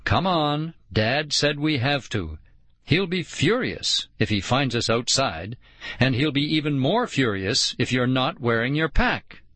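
A man's voice: mid-range voice, sing-song, unhurried, fairly bright tone, no room sound. A man voicing a frightened young girl who pleads urgently with her brother in a storybook.

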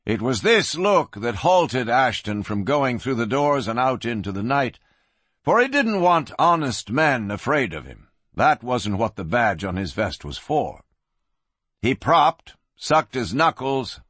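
A man narrating a western with a husky, lively voice that rises and falls with the action. He slows down for tense moments and tells the story with drama. Dry, close-miked sound. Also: mid-range voice, no room sound. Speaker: audiobook narrator.

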